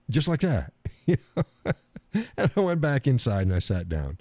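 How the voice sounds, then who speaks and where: A man's voice: medium pitch, big pitch swings, unhurried, pauses often, warm tone, no room sound. A middle-aged man hosting a live stream, talking casually in a blunt, profane way and laughing often. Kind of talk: casual opinionated monologue.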